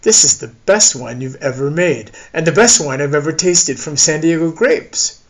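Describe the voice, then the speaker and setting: A man's voice: a little high, moderate pace, lightly acted. A man reading an audiobook, voicing a playful male wine lover who sounds eager and teasing.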